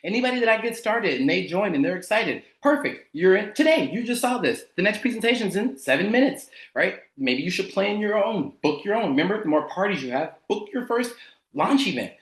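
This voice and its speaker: A man leading a sales team training over a video call, energetic and slangy. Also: high voice, a little fast, reverberant.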